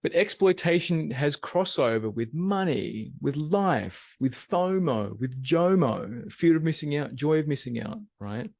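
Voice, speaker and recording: A man's voice: on the high side, a little slow, creaky, few pauses, dry recording, clean studio sound. A man giving a live webinar talk, asking the audience questions and posing them as he goes. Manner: animated, asks the audience questions. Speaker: webinar presenter.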